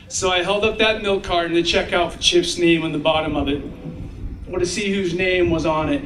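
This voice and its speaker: High-voiced man telling stories at a graduation. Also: normal speed, slight background noise. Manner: animated storyteller, acts out children's voices. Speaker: commencement speaker. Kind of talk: ceremonial speech with storytelling. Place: graduation ceremony. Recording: echoey sound from far off.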